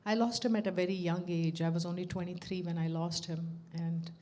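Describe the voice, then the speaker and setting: A middle-aged woman sharing a personal devotional story, animated and laughing as she acts out the dialogue. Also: lowish voice, brisk. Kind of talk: personal testimony at a devotional gathering.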